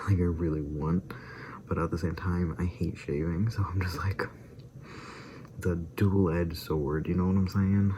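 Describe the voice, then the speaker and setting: A man talking straight to his vlog camera in a loose, rambling way, often breaking into laughter and dropping to whispered asides. His voice sits low, with a gravelly edge and a dark, mellow tone. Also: a little hiss or hum. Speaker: vlogger doing a daily challenge. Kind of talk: casual rambling chat.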